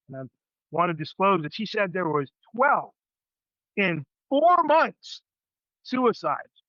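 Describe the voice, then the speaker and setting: A man in his fifties, a veteran podcast guest, talks casually in a rambling, emphatic way and keeps saying "man." His voice sits high and sounds animated but slow. The recording has no echo and its highs are cut off.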